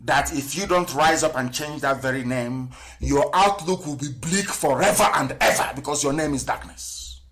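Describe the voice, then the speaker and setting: A man's voice: fairly high pitch, moderate pace, hardly any pauses. A middle-aged man, giving an impassioned live radio lecture. He asks rhetorical questions and spells words out letter by letter. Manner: rhetorical, spells words out letter by letter, swings between loud and hushed. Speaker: political broadcaster.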